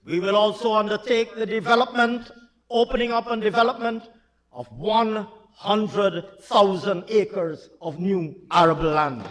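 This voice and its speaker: A man delivering a budget speech in a parliament chamber, emphatic and repetitive, at times shouting. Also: sits high, measured pace. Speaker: finance minister. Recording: long hall reverb in a large chamber.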